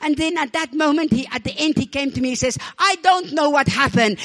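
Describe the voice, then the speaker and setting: A woman preacher telling her story in an animated sermon, calling on the congregation to respond, her voice a little rough from a damaged vocal cord. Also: high voice, brisk, hardly any pauses. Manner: animated storytelling, calls for amens and praise.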